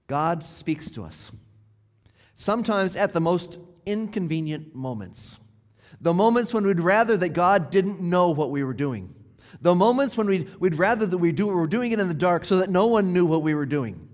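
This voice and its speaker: A man preaching in a church sanctuary, with a voice that sits a little high for a man. He tells the story like a conversation, often sinking to a soft near-hush at the end of a phrase. A long reverb trails behind every word. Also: lively intonation, moderate pace. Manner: drops to a near hush at ends of phrases, then rises. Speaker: pastor. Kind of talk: sermon.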